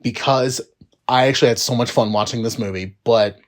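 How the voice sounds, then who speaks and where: A man's voice: fairly even intonation, a little fast. Exasperated man ranting about movies. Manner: exasperated, profane, swings between low mutters and loud rising outbursts. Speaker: movie reviewer. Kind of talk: casual ranting movie review.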